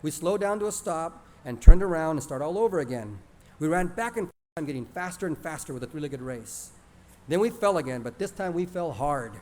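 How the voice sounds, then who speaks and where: A man's voice: fairly high pitch, fairly quick. A man narrating a first-person childhood story in a plain, conversational way. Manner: lively, plainspoken, conversational retelling.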